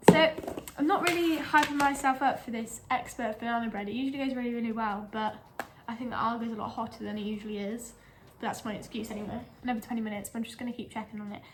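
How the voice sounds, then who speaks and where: A woman's voice: on the high side, steady tone, fast, a little hiss or hum. A young woman, a lifestyle blogger, chatting casually in her home kitchen with rambling, giggly asides and a slightly breathless delivery. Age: young adult. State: a bit out of breath.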